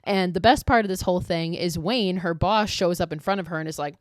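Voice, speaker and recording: A woman hosting a podcast, recapping a horror movie in casual, animated speech full of profanity and filler words. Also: lowish voice, fairly quick, dry recording, clean studio sound. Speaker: podcast host.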